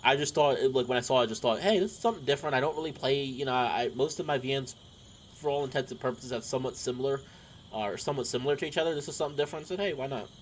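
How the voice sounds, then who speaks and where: A man's voice: mid-range voice, very fast, slight background noise. A man casually reading a visual novel aloud and chatting about it as he plays, with fillers and rambling asides. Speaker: game streamer. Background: game music.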